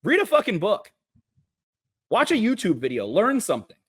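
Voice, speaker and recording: A man in a full-blown sports-podcast rant, swearing freely and sneering at critics in a mocking whine. His voice sits high and swings wildly up and down. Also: huge pitch swings, moderate pace, husky. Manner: profane, sarcastic, mocks critics in a whiny voice. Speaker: podcast co-host.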